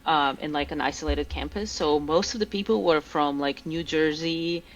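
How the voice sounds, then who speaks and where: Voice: mid-range voice, moderate pace, muffled recording, slight background noise. A podcast guest telling a story in casual chat, full of fillers like "like" and "um.". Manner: many fillers, lively storytelling.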